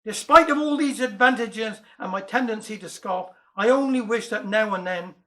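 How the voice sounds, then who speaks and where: Cornish guy doing dialect jokes and rhymes, real high bright voice, chuckles at his own punchlines. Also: normal speed. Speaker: dialect comedian. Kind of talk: dialect comic verse and jokes.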